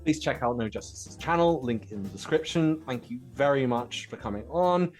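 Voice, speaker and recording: A man's voice: mid-range voice, expressive, normal speed, soft background music. A man hosting a podcast in casual political chat. He is playful, laughs often and sets up questions for his guests. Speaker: podcast host.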